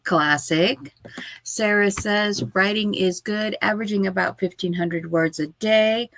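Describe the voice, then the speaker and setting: A woman's voice: mid-range voice, unhurried, a bit bright, slight background noise. A woman hosting a writing livestream from her home office, chatting casually and sleepily, yawning between remarks. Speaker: livestream host.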